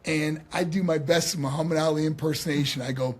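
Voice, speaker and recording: A man as a podcast guest, telling stories in a lively, casual way with many fillers and restarts. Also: a little high, a little fast, breathy edge. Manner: animated, lots of fillers and restarts. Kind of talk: casual interview storytelling.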